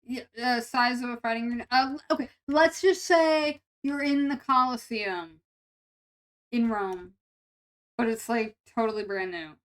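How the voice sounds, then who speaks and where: A young woman streaming live, her voice a touch higher than most and noticeably nasal. She rambles and giggles through casual chat with her viewers, tripping over restarts as she goes. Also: unhurried, clear, resonant tone.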